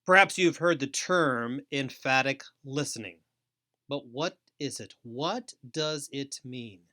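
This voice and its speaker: Middle-aged male host, mid pitch, unhurried measured delivery, emphatic. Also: bright, forceful tone. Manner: slow, deliberate, emphatic delivery with pauses. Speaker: host and trainer. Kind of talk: scripted training webinar.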